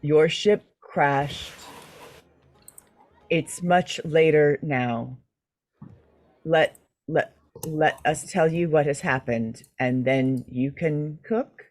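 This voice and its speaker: Man voicing a calm, soothing adventurer woman. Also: fairly high pitch, very slow, pauses often, faint music behind. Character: calm reassuring female adventurer.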